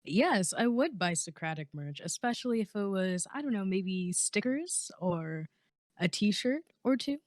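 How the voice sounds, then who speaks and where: A woman's voice: mid-range voice, lively intonation, a little slow, a little mellow, no room sound, clean studio sound. A young woman co-hosting a casual podcast, upbeat and full of fillers. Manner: upbeat, laughing, filler-heavy. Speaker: podcast co-host.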